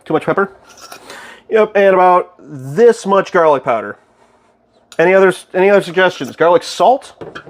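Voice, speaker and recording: Excitable young man with a lively voice. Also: high voice, moderate pace, long pauses. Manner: excitable, loud and goofy, talking to chat. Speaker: streamer. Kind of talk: live-stream cooking chat.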